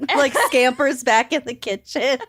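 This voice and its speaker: A woman's voice: high voice, moderate pace. A woman co-hosting a podcast, telling a story in casual chat and laughing often. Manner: giggly, animated storyteller. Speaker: podcast co-host.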